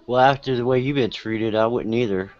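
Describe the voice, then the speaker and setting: A calm man chatting and agreeing with a middle-pitched voice. He sounds a little distant, and the recording is dull and lo-fi, with faint music behind him. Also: brisk. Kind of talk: casual chat.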